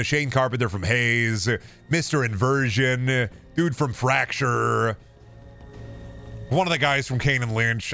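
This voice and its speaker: A young man streams a game and chats casually, joking and rambling as he swears his way through it. His voice is bright and forceful, at a middle pitch. There is a faint noise behind him. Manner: joking, rambling, swears freely, talks to chat. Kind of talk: casual gameplay commentary.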